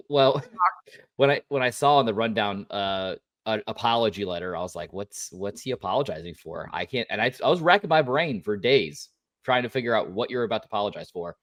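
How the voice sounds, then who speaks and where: A man's voice: fairly low pitch, lively intonation, a little fast, a bit bright, dry recording, clean studio sound. A man co-hosting a chat show, reacting in a wry, exasperated way. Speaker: co-host. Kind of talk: casual chat.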